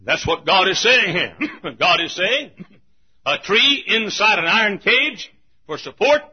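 Husky man preaching in a church, high and wildly animated delivery that shouts then drops to a hush, dull lo-fi recording. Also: a little slow. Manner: emphatic preaching, swinging between shouts and hushed asides. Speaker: pastor. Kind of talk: sermon.

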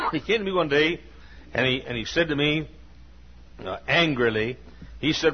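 A sixty-something pastor delivers a church sermon full of personal stories, folksy and earnest, with many restarts and coughs. His fairly high voice has lively intonation at a moderate pace with long pauses, heard through a dull lo-fi recording in the sanctuary.

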